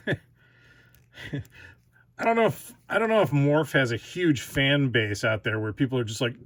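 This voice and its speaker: A man's voice: mid-range voice, expressive, unhurried, pauses often, a bit bright, dry recording. A man hosting his own toy review channel, talking casually, giggling often and restarting his sentences.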